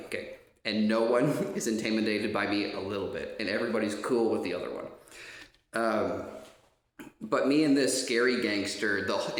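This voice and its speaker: A man's voice: lowish voice, fairly bright tone. A man telling a casual anecdote, rambling with many fillers and restarts and swearing freely. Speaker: storyteller. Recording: roomy echo.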